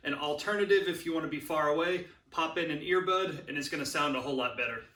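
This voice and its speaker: A man's voice: on the high side, fast. A man hosting a casual how-to tutorial on a lav mic, talking with energy and plenty of inflection. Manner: energetic, talks with his hands, lively inflection. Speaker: marketing tutorial host. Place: room with hard surfaces.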